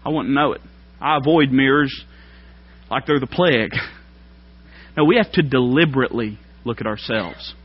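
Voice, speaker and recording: A man preaching a sermon, folksy and plain-spoken, climbing to loud emphatic peaks. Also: mid-range voice, normal speed, long pauses. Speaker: pastor. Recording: dull lo-fi sermon recording.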